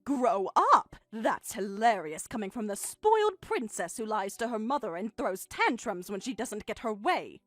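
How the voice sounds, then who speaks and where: A woman's voice: medium pitch, big pitch swings, moderate pace, hardly any pauses, no room sound, soft background music. A synthetic female text-to-speech voice reading a hurt, sarcastic middle-aged mother in a text-message story. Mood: bitter.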